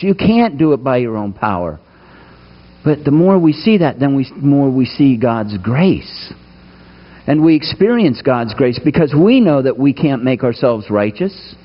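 A man's voice: medium pitch, sing-song, measured pace, highs cut off. A man preaching a sermon to his congregation, emphatic, putting rhetorical questions to the listeners. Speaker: pastor. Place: church sanctuary.

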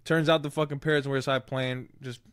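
A man co-hosting a casual podcast, spinning a story with plenty of profanity and quoted lines. His voice sits at an ordinary pitch and is recorded close and dry. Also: fairly even intonation, fairly quick, a bit bright, clear, resonant tone, no room sound. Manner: swears a lot, storytelling with quoted dialogue. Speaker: podcast co-host; former casino security worker. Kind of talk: casual chat.

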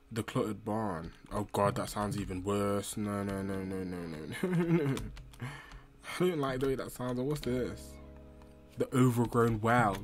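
A young man hosting his gaming channel, chatting casually through the game, flustered and making fun of himself. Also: fairly low pitch. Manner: chatty, flustered and self-mocking.

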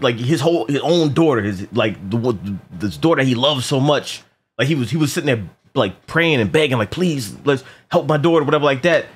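A man chatting casually in a movie review, animated and profane, often repeating words and acting out lines from the film. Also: mid-range voice, slightly rough.

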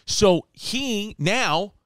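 A man tells a long comic story on his podcast, swearing and ranting with animated energy. His voice sits a little high and comes through smooth and clear. The close mic sounds dry, with no room around it. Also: extremely slow, no room sound. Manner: animated, profane, slips into mock voices and Spanish phrases. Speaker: podcast host. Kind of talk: comedic storytelling.

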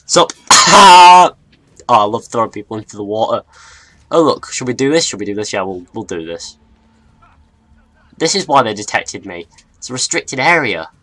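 A young man with a mixed northern and southern English accent, giving rambling, excitable let's play commentary. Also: lowish voice, a little fast, pauses often. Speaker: gaming YouTuber.

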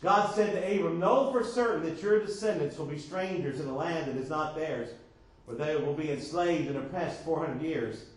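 Brief: pastor, high-pitched man, distant mic in a reverberant church. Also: moderate pace. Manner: call-and-response preaching, repeated "how many know". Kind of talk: sermon. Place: church sanctuary. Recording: echoey church room from far off.

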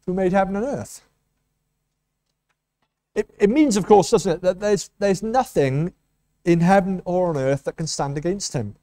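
Male preacher, higher voice with a warm, dark tone, earnest sermon delivery. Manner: earnest expository preaching with rhetorical questions. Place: church.

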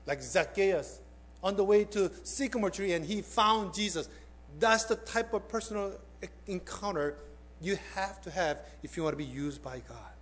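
A male pastor preaching a sermon. He tells a story and puts direct questions to his listeners, swinging between emphatic peaks and hushed appeals. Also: high-pitched, lively intonation, normal speed.

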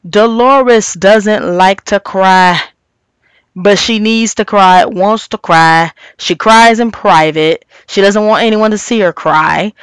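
A woman's voice: mid-range voice, a bit bright, clear, resonant tone, dry recording. A woman recapping and reviewing a reality TV show, chatty and opinionated, talking straight to her viewers. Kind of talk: casual recap and commentary.

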